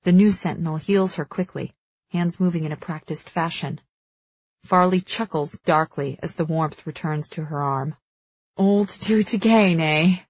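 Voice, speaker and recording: A woman narrating dramatic first-person fiction as an audiobook reader, measured and slowing for tense moments. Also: low voice, steady tone, breathy edge, dry recording, dull audio.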